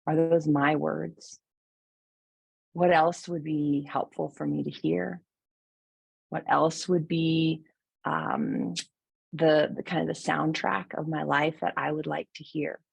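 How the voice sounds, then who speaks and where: A middle-aged woman giving a gentle, reflective mindfulness talk, with soft laughs and fillers. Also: low voice, level tone, slow, creaky, slightly rough, no echo. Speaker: mindfulness teacher.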